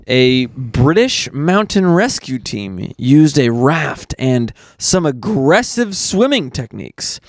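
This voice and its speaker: A man co-hosting a podcast, reading out news items and landing deadpan puns in casual comedic chat. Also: medium pitch, gravelly, dry recording, clean studio sound. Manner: deadpan joke-telling, trails off with fillers. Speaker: podcast co-host.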